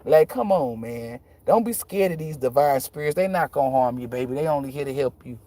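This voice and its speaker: A woman who reads tarot talks casually and bluntly to her viewers, swearing often and telling animated stories. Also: extremely low pitch, brisk. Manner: profane, emphatic, animated storytelling; slangy and blunt. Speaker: tarot reader.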